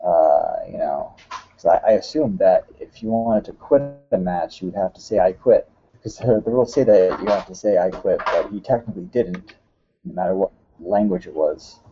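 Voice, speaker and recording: Podcast host guy, super mellow dark voice, rambles with lots of uhs, muffled audio. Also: low-pitched, soft background music. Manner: rambling, many "uh"s, quick to laugh. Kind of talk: casual chat.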